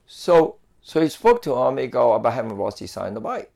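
Gravelly man rambling through a story. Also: medium pitch, sing-song, a little fast, a little mellow. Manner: rambling storyteller, many fillers and restarts. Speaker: guest telling a story. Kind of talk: casual chat.

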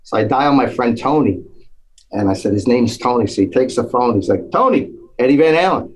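A man's voice: medium pitch, fairly quick, a little mellow, poor audio. A man telling a long story in casual chat, acting out the voices of the people in it. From New Jersey. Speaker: guest storyteller.

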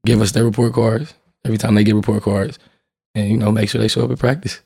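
Young man, low gravelly voice, husky, dry close sound, earnest and soft-spoken. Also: level tone, fast, no room sound. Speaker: guest, father and youth baseball mentor. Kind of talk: casual conversation.

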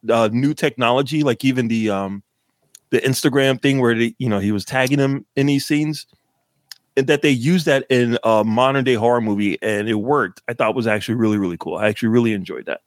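A man from Massachusetts talks through a horror movie review in a loose, rambling way, leaning on fillers and profanity. His voice sits at a middle pitch. It is recorded close and dry on a podcast mic. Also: brisk, dry recording. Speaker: podcast co-host. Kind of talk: casual movie review chat.

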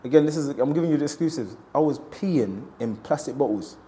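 A man's voice: medium pitch, expressive, a little fast, mellow. Male boxer guest, candid and reflective, mid-range voice, conversational interview. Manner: open, reflective storytelling with quoted asides.

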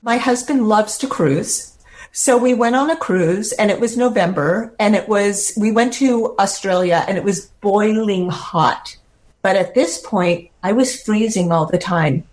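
A woman's voice: mid-range voice, a little slow, a little mellow. An older woman, a podcast guest, telling her personal story in an earnest, heartfelt way, close to tears at times.

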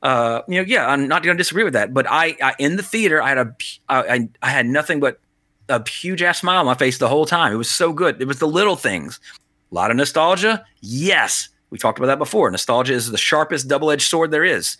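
A man's voice: medium pitch, animated, fairly quick, pushed and bright, no room sound. Rambling man on a dry podcast mic. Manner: rambling, full of restarts and "you know". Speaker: podcast co-host. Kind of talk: casual movie chat.

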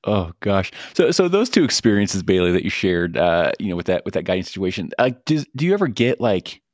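A man's voice: sits low, very animated, fairly quick, dry recording, studio quality. A man hosting a podcast interview who laughs often and gives encouraging backchannel replies. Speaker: podcast host. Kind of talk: casual interview chat.

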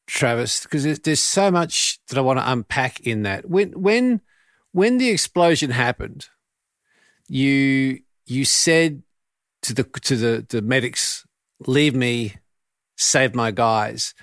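A male podcast host whose pitch rises and falls a lot as he works his way through long, earnest questions. The sound is dry and close, with no room around it. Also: expressive, takes it slowly, fairly bright tone, no room sound. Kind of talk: interview questions.

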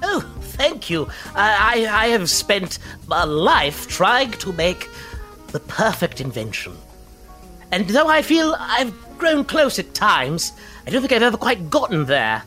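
A man's voice: high voice, a little slow, soft background music, pitched above the performer's own voice, full character voice. A man putting on a stammering eccentric inventor. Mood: wistful. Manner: stammering, breathless excitement. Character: eccentric soot-covered inventor, awestruck and fussy. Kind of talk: tabletop role-play character voice.

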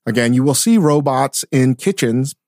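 A man co-hosting a casual podcast, talking in an animated way, swearing often and restarting his sentences. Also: mid-range voice, moderate pace, no room sound, studio quality. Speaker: podcast co-host, chef. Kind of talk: casual chat. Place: studio.

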